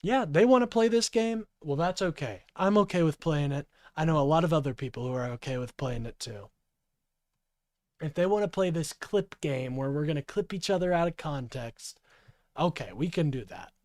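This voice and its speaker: A man's voice: on the high side, expressive, normal speed, darkish tone, dry recording, clean studio sound. A man in his twenties giving profane, heated reaction commentary on a clip. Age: 20s. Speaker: political streamer.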